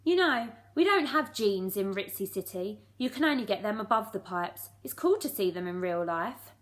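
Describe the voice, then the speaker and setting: A woman voicing a cool, fashionable young witch girl who sounds loud, flat and unimpressed in a children's storybook reading. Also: medium pitch, moderate pace, close to an everyday voice. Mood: bored.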